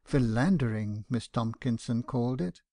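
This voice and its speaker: A man voicing a fussy, earnest elderly doctor in an audiobook, speaking with soft, formal, flustered politeness. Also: mid-range voice, expressive, normal speed, no echo, studio quality, close to an everyday voice. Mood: earnest reproof. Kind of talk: audiobook character reading.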